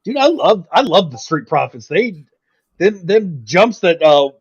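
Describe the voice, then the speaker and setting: High-voiced excitable man, lo-fi audio. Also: a little slow, breathy edge. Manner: excitable, laughs often, swears casually. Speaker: co-host. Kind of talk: casual sports chat.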